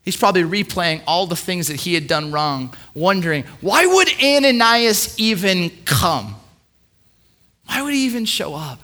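A male preacher giving a sermon, telling a story with many repeated words, swinging between hushed and loud moments. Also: high voice, animated. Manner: repeats words, quick asides.

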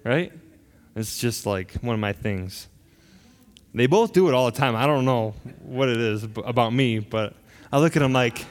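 A man's voice: mid-range voice, moderate pace, big-room sound. A middle-aged man preaching a sermon as a pastor, earnest and emphatic, often restarting his phrases.

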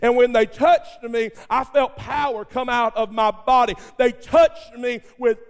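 A calm, steady male healer speaks in a very high voice, as a preacher acts him out. He is earnest and plainspoken. His words ring out with a long reverb in a big hall. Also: unhurried, creaky, clear, resonant tone, full character voice. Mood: insistent.

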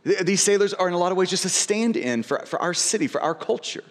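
A man's voice: high voice, lively intonation, fast, big-room sound. A man preaching a sermon as pastor, speaking earnestly and often repeating words as he restarts phrases.

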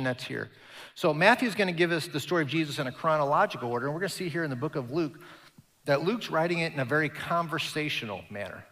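A man preaches with lively energy, jumping into voices for the people he quotes. His voice sits a little high, and it carries with a long reverb, as if he is in a large hall. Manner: animated, acts out quoted voices, laughs. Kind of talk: sermon.

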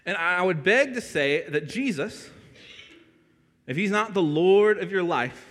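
A young adult man preaching a sermon as a pastor, telling a story with lively energy and asking the congregation questions. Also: high-pitched, a little slow. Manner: animated storytelling, asks the room questions. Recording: long reverb of a church hall.

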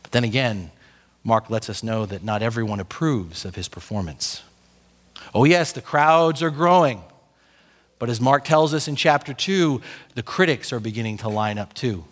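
Animated pastor preaching in a reverberant hall. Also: male voice, mid-range voice, normal speed. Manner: animated, conversational preaching with acted-out asides. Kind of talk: sermon.

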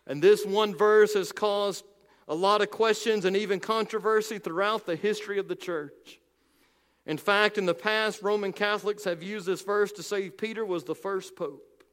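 A male pastor preaching a sermon with emphasis, slowing down and dropping low on key phrases. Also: fairly even intonation, fairly bright tone, in a large hall.

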